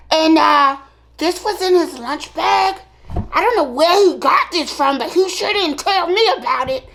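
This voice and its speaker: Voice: high-pitched, gravelly, fairly bright tone, a little hiss or hum, heavily acted, poor audio. A performer voicing a mischievous, food-stealing mermaid woman as the host of a comedic mukbang character skit, breaking into sing-song rhyming prayers.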